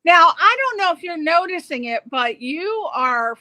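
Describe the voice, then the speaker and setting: A woman host with a bright, high voice chats eagerly with her guest. Her rambling, enthusiastic questions sound dry and close, with no room around them. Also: sing-song, measured pace, no echo. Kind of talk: casual interview chat.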